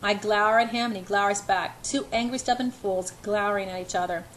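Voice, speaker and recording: A woman's voice: medium pitch, fairly even intonation, brisk, fairly bright tone, slight background noise, rough recording. A woman narrating an amateur audiobook in the first person, earnest, with occasional stumbles.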